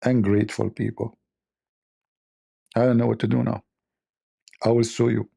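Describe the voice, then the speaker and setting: Gravelly, mellow-voiced man teasing his chat. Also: mid-range voice, level tone, normal speed, long pauses. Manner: teasing, joking, mock-offended banter. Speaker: livestream host. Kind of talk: casual livestream chat with viewers.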